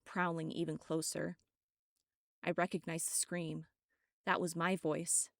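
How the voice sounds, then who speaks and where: A woman reading her own story aloud as audiobook narration, steady and dramatic. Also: mid-range voice, clean tone, no room sound, studio quality.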